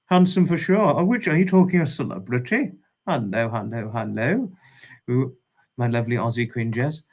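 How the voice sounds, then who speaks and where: A man hosting a casual livestream, greeting viewers by name with fond, repeated hellos in a drawn-out way. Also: fairly high pitch, darkish tone. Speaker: livestream host.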